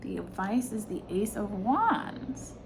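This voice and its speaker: A woman's voice: medium pitch, very animated, slow pace, creaky, a little hiss or hum. A woman giving an intuitive tarot reading, earnest and searching for words with many fillers. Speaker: tarot reader.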